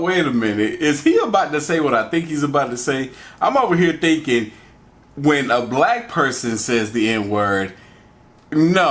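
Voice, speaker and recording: A man's voice: medium pitch, a bit bright. Chatty male reaction-video host. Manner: loose, chatty, laughs often. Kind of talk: casual reaction commentary.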